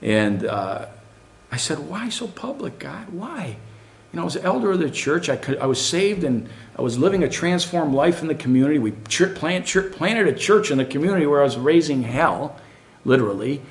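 A middle-aged man preaching a sermon, animated and full of rhetorical questions to the congregation. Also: on the high side, a little fast.

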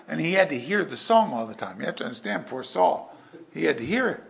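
A man preaching a verse-by-verse sermon with an animated delivery that swings from loud emphasis to hushed asides. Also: fairly high pitch, a little fast, vocal fry. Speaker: pastor.

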